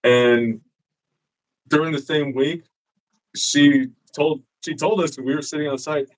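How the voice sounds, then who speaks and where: Profane, animated male storyteller. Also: on the high side, takes it slowly, low-quality recording. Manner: profane, animated, acts out quotes. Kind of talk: casual storytelling. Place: live-streamed show.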